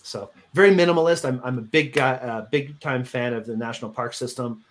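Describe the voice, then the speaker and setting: A man's voice: mid-range voice, brisk. A man hosting a casual podcast chat, joking around and asking his guests questions. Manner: laid-back, jokey, asks the questions. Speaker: podcast host.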